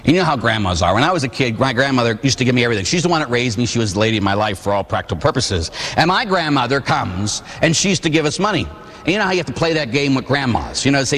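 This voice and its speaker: A man from Pittsburgh giving a Catholic testimony sermon, telling a personal story with comic, animated energy. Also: on the high side, brisk. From Pittsburgh, USA. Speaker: Catholic preacher. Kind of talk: testimony sermon to a live audience. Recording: long hall reverb.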